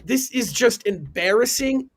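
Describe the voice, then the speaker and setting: A man with a husky, breathy edge sits on a live sports talk stream, tearing into a team decision. His voice sits high for a man, and he leans on emphatic, indignant rhetorical questions. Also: animated, unhurried. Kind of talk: heated sports opinion rant. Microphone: live stream call.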